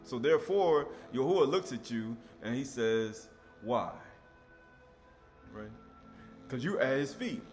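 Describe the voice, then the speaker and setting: Male scripture teacher, mid-pitched, emphatic and repetitive, quiet music underneath. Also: lively intonation, takes it slowly, pauses often. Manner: emphatic, repeats key words, asks rhetorical questions.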